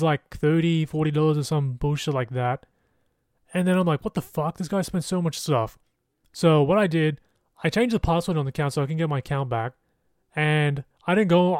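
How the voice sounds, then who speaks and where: A young man hosts his podcast in a rambling, casual monologue, swearing freely as he goes. His voice sits a little high for a man. The recording is dry and close, with no room sound. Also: darkish tone, dry recording. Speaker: podcast host.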